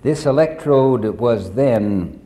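A man preaching a sermon as pastor, telling a story in a measured way and speaking directly to the congregation. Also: mid-range voice, animated, mellow.

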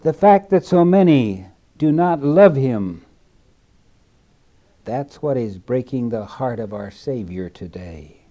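A man preaching a sermon in a slow, deliberate way, dropping to a hush and then rising loud again. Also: medium pitch, lively intonation, lo-fi sound.

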